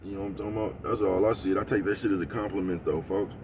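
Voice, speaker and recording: A man's voice: low-pitched, steady tone, racing, distant mic, background noise. A man ranting casually to his viewers in heavy slang, rambling and laughing, often asking if you know what he's talking about. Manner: laughs often, gets loud and heated. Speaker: vlogger. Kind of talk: casual rant to camera.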